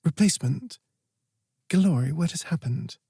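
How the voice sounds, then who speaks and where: A man lending his voice to a stern, formal woman guardian from a fantasy audiobook, clipped and firm. The voice is a touch raised and keeps a gravelly, husky texture over a dry, close sound. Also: fairly high pitch, expressive, moderate pace, mellow, dry recording, pitched above the performer's own voice, full character voice. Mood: concerned. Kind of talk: audiobook character voice.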